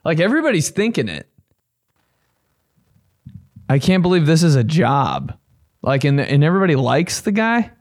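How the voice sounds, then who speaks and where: A young man hosting a podcast, chatting casually in a loose, profane, rambling way with bursts of excitement. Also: mid-range voice, no room sound, studio quality. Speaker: podcast host. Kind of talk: casual chat.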